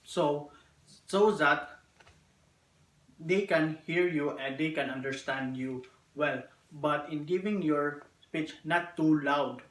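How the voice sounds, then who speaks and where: Man, class presenter, very slow deliberate pace, measured phrasing, roomy echo. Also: on the high side, a bit bright. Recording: echoey room, distant mic.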